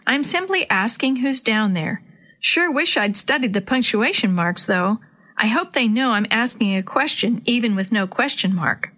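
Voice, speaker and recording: A woman's voice: on the high side, animated, normal speed. A woman reading a worried, subdued boy. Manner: soft, subdued. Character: worried young boy searching for his friend.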